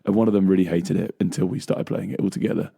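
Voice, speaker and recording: A man's voice: low-pitched, steady tone, fast, gravelly, warm tone, husky. A young man, co-hosting a casual chat show, rambling along with many fillers and laughs. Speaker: co-host.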